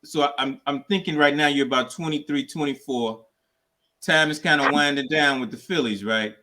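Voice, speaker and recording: Supportive interviewer, fairly high voice. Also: male voice, moderate pace, bright, forceful tone. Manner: supportive, many small affirmations. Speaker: podcast host, interviewer. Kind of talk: conversational interviewing.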